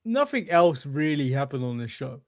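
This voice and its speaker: An English man with a fairly high voice, chatting casually and rambling, stopping often on ums. The sound is dry and close. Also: very animated, moderate pace, no echo. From England. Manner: rambling, hesitant with many ums. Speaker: podcast co-host. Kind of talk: casual podcast chat.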